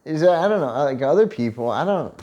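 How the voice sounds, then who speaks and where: A man's voice: fairly high pitch, lively intonation, fast, warm tone, muffled recording. A man chatting casually on a couple's vlog, joking and sarcastic, swearing freely. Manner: joking, profane, sarcastic asides. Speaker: vlog co-host.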